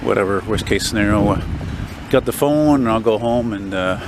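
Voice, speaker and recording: French canadian guy vlogging on a walk, cursing a lot, car traffic loud behind him. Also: on the low side, moderate pace. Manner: blunt, swears freely, grumbles about politicians. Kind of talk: casual walking vlog commentary. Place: outdoors on a city street. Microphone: handheld camera mic while walking. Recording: street noise from passing cars. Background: passing traffic and street noise.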